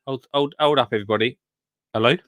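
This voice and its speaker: A man from the United Kingdom hosting a live podcast, animated and quick to laugh and exclaim in disbelief. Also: medium pitch, no echo. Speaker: podcast host.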